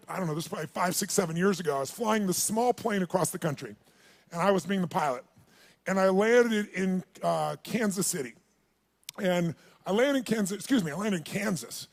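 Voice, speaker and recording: High, animated male seminar speaker. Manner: animated, calls on the audience to shout and raise hands. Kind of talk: live seminar storytelling to an audience. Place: large event hall with a live audience.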